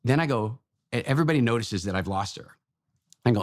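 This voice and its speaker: A middle-aged man in a casual interview, telling animated anecdotes and acting out the dialogue in them. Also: mid-range voice, quick pace. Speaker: podcast guest, entrepreneur.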